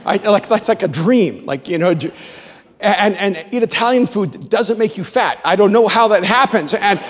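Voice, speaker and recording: A male pastor preaching a sermon, telling stories in a rambling, animated way with many restarts. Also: high voice, normal speed, long reverb tail.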